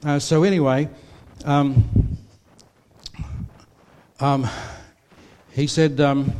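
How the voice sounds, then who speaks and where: A man's voice: fairly high pitch, level tone, drawn-out words, pauses often, warm tone. An older man with an Australian accent, preaching a sermon and telling personal stories, with a rambling delivery full of fillers and restarts.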